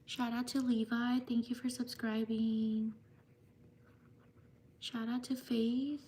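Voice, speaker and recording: A woman hosting a live stream, slowly reading out viewers' names with thanks, at times slipping into a soft whisper. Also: on the high side, level tone, slight background noise. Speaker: livestream host. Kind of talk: live stream shout-outs.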